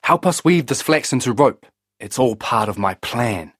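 A man's voice: mid-range voice, lively intonation, normal speed, fairly bright tone, breathy edge, no echo, clean studio sound. A man voicing a bold young male trickster hero in a storybook, earnest and grand.

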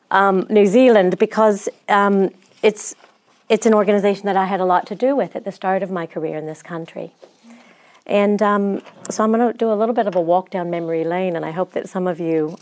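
A middle-aged woman with an American accent delivers a prepared talk as guest speaker. She speaks in a measured, reflective way, and her voice sits on the low side. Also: darkish tone. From Chicago, USA. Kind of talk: prepared speech.

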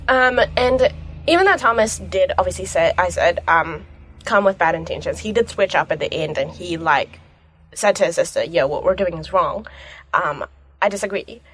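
Her voice is on the low side and fairly bright, with lively intonation at normal speed. This young film reviewer gushes and rambles about a beloved movie in a casual vlog chat, full of fillers.

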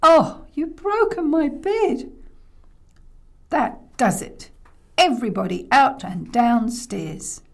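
A woman's voice: mid-range voice, sing-song, moderate pace. Woman playing a fussing, fed-up grandma. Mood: exasperated. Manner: alternates soft hushed soothing with exasperated cries. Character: fussy exasperated grandmother, soothing then fed up.

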